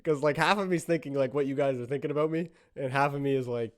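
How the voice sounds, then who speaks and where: A man's voice: mid-range voice, a little fast. A man hosting a solo podcast, thinking aloud in a giggly, self-conscious way as he tries out voices. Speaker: podcast host.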